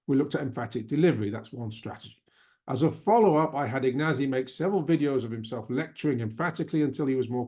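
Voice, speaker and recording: A man's voice: medium pitch, mellow. A man who works as a language coach and teacher trainer, giving an emphatic, conversational webinar presentation with frequent restarts and asides.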